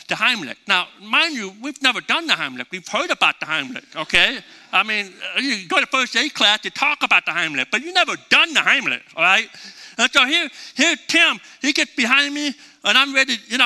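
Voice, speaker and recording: A man preaching a sermon and telling a story in a folksy, animated way. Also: sits high. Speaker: pastor. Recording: reverberant hall.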